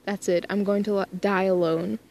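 A woman's voice: medium pitch, little pitch movement, moderate pace, a little mellow, natural voice. A woman reading a flustered young man. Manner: hesitant, rambling.

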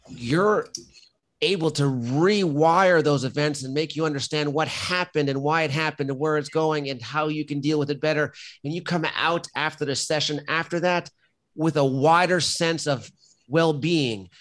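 A middle-aged firefighter and company founder is a guest on a podcast in a casual interview. He speaks bluntly and emphatically, often restarting his sentences. His voice is fairly high-pitched and a bit bright, at a moderate pace.

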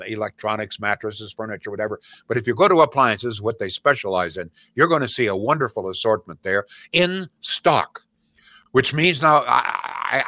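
A man's voice: lowish voice, sharp tone, dry recording, clean studio sound. An older man, a radio host telling rambling family stories and reading a live ad. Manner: rambling storyteller, laughs at own stories. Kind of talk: casual radio chat and live ad read.

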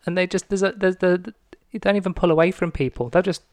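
A man hosting a podcast, talking in a relaxed, chatty way. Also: sits high, fast, no room sound. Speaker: podcast host. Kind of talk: casual conversation.

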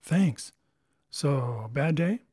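A laid-back young bounty hunter with a teasing, easy way of talking, as a man voices him in an audiobook. His voice is a little husky and a bit high for a man, and the sound is close and dry. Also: animated, very slow, mellow, no room sound, exaggerated voice. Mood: casual.

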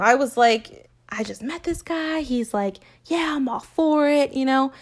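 A woman in her late twenties chatting candidly to her viewers, swearing freely and using lots of filler words. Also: on the high side. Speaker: vlogger. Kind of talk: casual chat to viewers.

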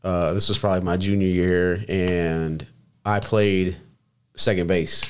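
Low-voiced young man telling a story. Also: flat delivery, measured pace, a little hiss or hum. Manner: rambling, profane, laid-back storyteller. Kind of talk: casual chat, storytelling.

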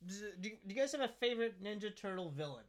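A man's voice: sits high, expressive, quick pace. A man co-hosting a comedy podcast in casual banter, riffing on silly wordplay. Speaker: podcast co-host.

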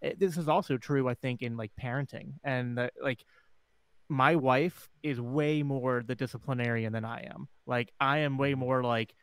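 A man co-hosting a casual talk podcast, speaking in a relaxed, easygoing way. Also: mid-range voice, normal speed, clear, resonant tone, no room sound. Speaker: podcast co-host. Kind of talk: casual chat.

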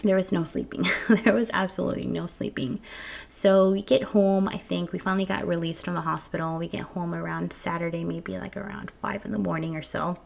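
Her voice is lowish and a little mellow, with vocal fry, and she talks fairly quickly. Home early in the morning, this young woman recounts a personal story to her viewers candidly, swearing freely, restarting her sentences often and laughing a little.

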